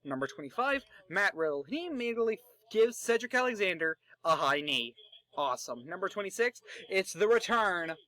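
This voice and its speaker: A young man narrating wrestling fantasy booking in a casual, excitable way, joking and swearing. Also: high-pitched, fairly quick, dry recording. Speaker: fantasy booker.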